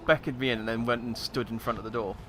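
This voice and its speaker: A man's voice: mid-range voice, steady tone, fast talker, background noise. Chatty man commenting on a game. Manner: chatty, wry running commentary with hesitations. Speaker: gaming YouTuber. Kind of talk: let's play commentary.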